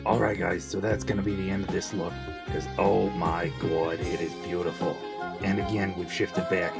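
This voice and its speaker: A man's voice: sits low, steady tone, normal speed, vocal fry, over music. A young man improvising a sarcastic, rambling voice-over for his wife's makeup video, with mock-tutorial asides.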